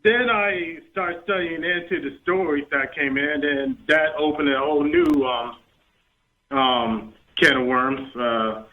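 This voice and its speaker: A man in his thirties calling in to a show, speaking haltingly with many restarts and fillers. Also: a little high. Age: 30s. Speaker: caller. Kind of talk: call-in chat. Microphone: phone. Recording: tinny phone line.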